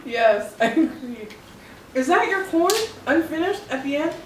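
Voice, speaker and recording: A woman's voice: sits high, lively intonation, a little slow, roomy sound, far from the mic, background noise. A woman hosting a casual lunch chat, exclaiming and giggling, who is recovering from a cough. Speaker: channel host. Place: home dining table.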